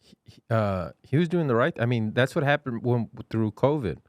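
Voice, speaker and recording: A man's voice: mid-range voice, animated, normal speed, no echo. A man co-hosting a comedy podcast, chatting casually in a laid-back, easily amused way. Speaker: podcast co-host.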